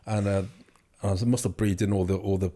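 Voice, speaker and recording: A young man with a low, dark voice speaks a little fast in a flat delivery. As an interview guest, he tells his story casually, rambling with many fillers and restarts.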